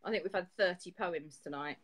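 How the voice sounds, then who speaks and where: Low-voiced woman hosting a poetry show. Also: slight background noise, poor audio. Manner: steady, even reading with quick laughs in chat. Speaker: host. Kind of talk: casual chat and reading poetry aloud.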